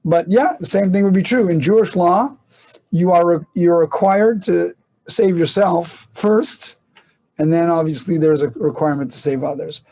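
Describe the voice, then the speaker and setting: A man's voice: high-pitched, normal speed, warm tone, lo-fi sound. A man teaching a casual online class on medical ethics, talking conversationally with restarts and rhetorical questions.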